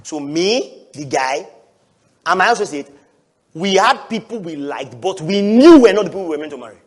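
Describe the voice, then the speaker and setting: High-voiced pastor preaching animatedly. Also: male voice, moderate pace. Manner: animated, laughs often, bursts into shouting. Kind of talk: sermon.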